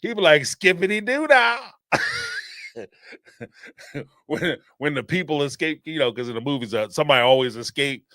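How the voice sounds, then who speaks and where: A man's voice: mid-range voice, moderate pace, pauses often, no room sound. A man hosting a live call-in show, talking in a casual, rambling way and laughing often. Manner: animated and rambling, laughs often, acts out quotes. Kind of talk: casual commentary on a live stream.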